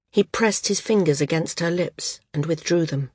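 A woman narrates an audiobook in an even, unhurried way. Her voice sits low and husky. The recording is close and dry. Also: no room sound. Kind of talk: scripted narration.

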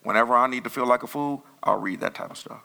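A man preaching a sermon as pastor, talking in a loose, conversational way with sudden loud bursts. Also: medium pitch, fast talker, gravelly.

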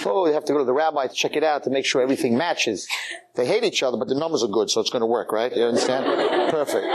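A rabbi speaking to a congregation in a synagogue, telling a story with a lively voice that rises and falls widely. He is animated and throws himself into the telling. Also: medium pitch, slightly rough. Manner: animated, acts out every character.

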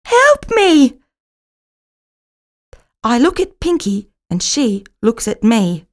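A woman reading a children's story aloud slowly and clearly, as a storyteller. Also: fairly high pitch, sing-song, a little mellow.

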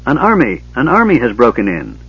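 A man voicing a cowardly male gully dwarf guard who shouts in alarm. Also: mid-range voice, huge pitch swings, fairly quick, slightly rough, exaggerated voice. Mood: panicked. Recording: dull lo-fi audiobook recording.

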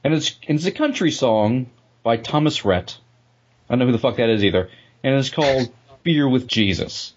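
Husky, foul-mouthed ranting man. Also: mid-range voice, animated, moderate pace, dull audio. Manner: profane, ranting, laughs often. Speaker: podcast co-host. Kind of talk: casual chat.

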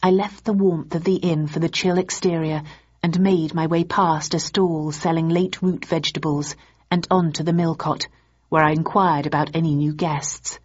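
A woman narrates a first-person audiobook in a low, husky voice. She keeps a dry, measured storytelling pace. The sound is dull and lo-fi. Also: fairly even intonation, darkish tone.

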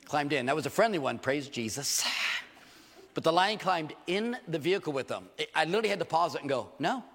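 Older male pastor, lively comic sermon delivery, slightly high, gravelly, echoey church hall. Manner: animated, jokey storytelling with acted asides.

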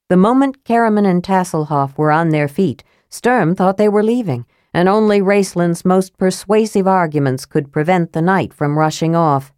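A woman reading a fantasy novel aloud as an audiobook narrator, steady and clear. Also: fairly low pitch, normal speed, hardly any pauses, dry recording, clean studio sound.

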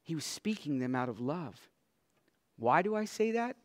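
A man preaching a sermon as pastor. His voice drops to a hush and then swells into loud, emphatic lines. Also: a little high, very animated. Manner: swings from soft, hushed lines to loud emphatic declarations; slow and deliberate, stretching out scripture lines.

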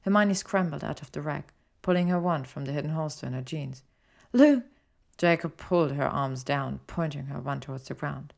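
A woman reading a fan fiction story aloud in an even, steady narrating manner. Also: low voice, fairly quick, gravelly, hardly any pauses. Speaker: audiobook reader.

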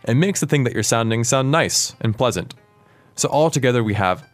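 A man hosting a podcast language lesson, explaining words clearly and asking his co-host questions. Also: medium pitch, expressive, fairly quick, no echo, faint music behind.

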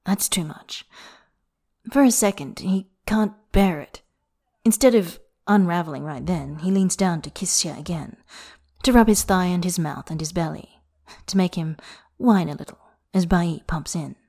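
A woman reads erotic fiction aloud in a soft, close, intimate voice that slips into whispers. Her pitch sits slightly low and her delivery stays unhurried. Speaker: narrator.

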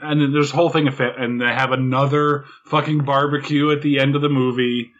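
Bright-voiced man on dull lo-fi audio. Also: medium pitch, level tone, a little fast. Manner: wry, hesitant with ums. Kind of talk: casual movie chat.

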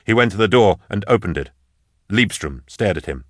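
A man narrates an audiobook in a measured, even way, with a fairly low voice. The recording is dry and close, with no room sound. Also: dry recording. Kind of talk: scripted narration.

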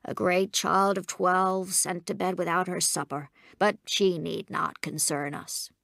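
A courtly old invalid uncle, read by a woman with a low, gravelly voice, savouring every word of his story with pompous flourish. The sound is close and dry, with no room around it. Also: steady tone, a little slow, fairly bright tone, no echo. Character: elderly genteel invalid uncle, pompous raconteur.

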